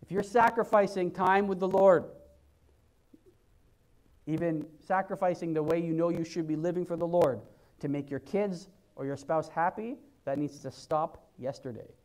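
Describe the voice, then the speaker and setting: A man's voice: on the high side, moderate pace, a little mellow, rough recording. A man in his forties preaching a sermon as a pastor in a church, exhorting his listeners and repeating phrases for emphasis. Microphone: handheld mic.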